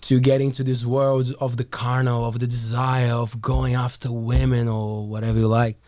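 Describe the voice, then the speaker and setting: A man with a Brazilian Portuguese accent, a guest chatting in a lively, rambling way and often restarting his words. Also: medium pitch, moderate pace. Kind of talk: casual chat.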